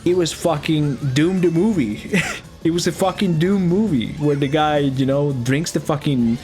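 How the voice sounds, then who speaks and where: A man's voice: fairly high pitch, normal speed, a little mellow, soft background music. A man chatting loosely while playing a game, swearing freely, stumbling over words and laughing often. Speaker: gaming vlogger reviewing a movie. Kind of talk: casual rambling commentary while gaming.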